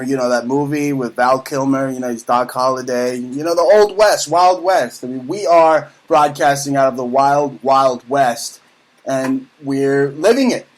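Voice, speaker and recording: A man hosting a talk radio show, ranting loudly and excitably in casual banter. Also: mid-range voice, low-quality recording.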